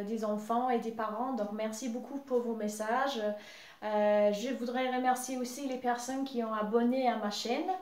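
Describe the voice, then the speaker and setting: A woman teaching English to young children, leading songs and simple questions in a slow, cheerful teacher voice. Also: on the high side, darkish tone, reverberant. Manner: slow, cheerful teacher talk, switching to song and whispers.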